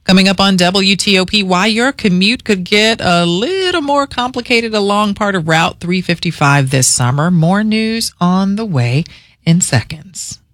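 A man anchoring a radio newscast with a steady, measured delivery. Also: sits high, no room sound, clean studio sound. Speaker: news anchor. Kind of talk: radio news reading.

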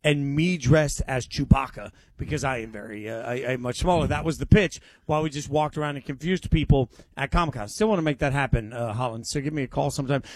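An excitable man in his forties bantering on sports radio, his voice sitting a bit high. He pitches ideas with eager energy into a studio mic. The sound is dry and close. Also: no room sound. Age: 40s.

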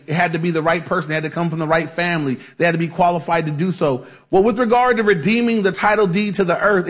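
A man preaching a conversational Bible-teaching sermon, casual and chatty, with frequent asides and restarts. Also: a little high. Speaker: pastor.

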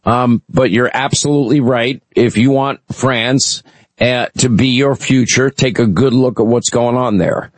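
A man hosts a talk radio show, delivering emphatic, opinionated commentary full of fillers. His voice sits at a middle pitch. It is close-miked and dry. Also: steady tone, unhurried, dry recording, rough recording. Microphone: studio microphone.

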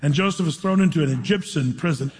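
A man preaching a sermon, reading scripture slowly and dramatically, then retelling the story in a casual, storytelling way. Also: on the high side, a little mellow, husky. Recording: long reverb of a large hall.

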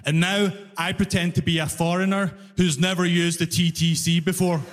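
A Glaswegian comedian with a fairly high voice tells a story with exasperated, animated energy. He is on a live stage, and his voice rings out into a reverberant concert hall. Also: normal speed. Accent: Glaswegian Scottish. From Glasgow, Scotland. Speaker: stand-up comedian. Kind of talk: stand-up storytelling.

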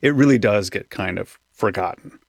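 A man's voice: on the low side, normal speed, vocal fry, dry recording, studio quality. A man co-hosting a podcast, asking curious questions and reading long narrated passages. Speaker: podcast co-host. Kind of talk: casual chat with scripted narration.

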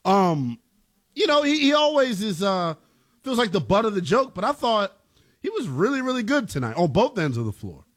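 A man's voice: sits high, sing-song, moderate pace, a bit bright. A man co-hosting a sports talk show, arguing his takes in a slangy, emphatic way. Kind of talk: casual sports debate.

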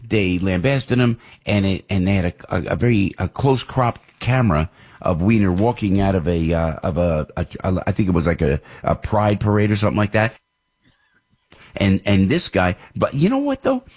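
An older man hosting a radio talk show, rambling with many restarts and repeated words, getting animated as he talks. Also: sits low, moderate pace. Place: radio studio.

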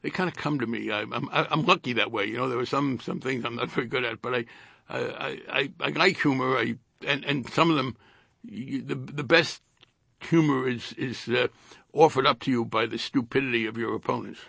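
An older man with a New Jersey accent, a retired congressman in a radio interview, speaking haltingly with dry wit and repeated words. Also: medium pitch, vocal fry, bright, forceful tone, breathy edge, no echo.

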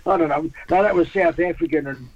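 A man's voice: fairly high pitch, brisk, dry recording, dull audio. An Australian man presenting a surf report in casual radio chat, laughing often and bantering easily.

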